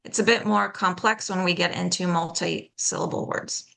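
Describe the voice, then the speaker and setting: A woman leading a pronunciation workshop, patiently explaining and slowly demonstrating sounds, checking in often with "okay?". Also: lowish voice, steady tone, gravelly, fairly bright tone. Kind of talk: live online workshop teaching.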